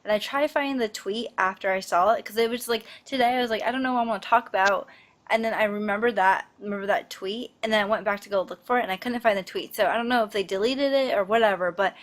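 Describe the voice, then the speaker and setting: A woman's voice: medium pitch, fast talker, few pauses. A woman co-hosting a casual pop news chat, talking in a rambling way with many fillers and restarts.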